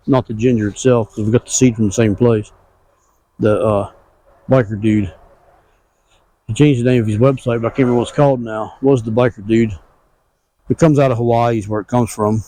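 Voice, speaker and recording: Man, homestead farmer, mellow warm tone, relaxed rambling talk, casual garden update, outdoors. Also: medium pitch, poor audio. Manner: relaxed, rambling country talk with plain grammar. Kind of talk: casual walk-through narration.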